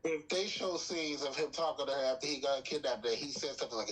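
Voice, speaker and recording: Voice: medium pitch, quick pace, a bit bright, husky, rough recording. A co-host in a casual soap opera recap chat, teasing and laughing often.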